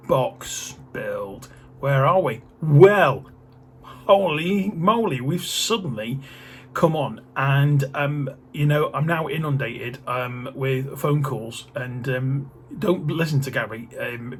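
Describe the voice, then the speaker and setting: A man's voice: mid-range voice, a bit bright, a little hiss or hum. A middle-aged man, chatting casually on his vlog in a rambling, joking way full of fillers. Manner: rambling, jokey, many fillers. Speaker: vlogger.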